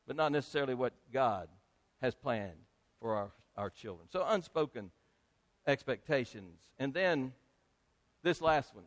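A male pastor preaching a sermon to his congregation, speaking emphatically and rising to loud peaks. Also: mid-range voice, lively intonation, measured pace. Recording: long hall reverb.

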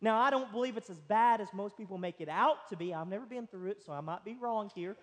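A man's voice: high-pitched, fast. A young male pastor, preaching a sermon and telling stories. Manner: storytelling, acts out other voices. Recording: long hall reverb.

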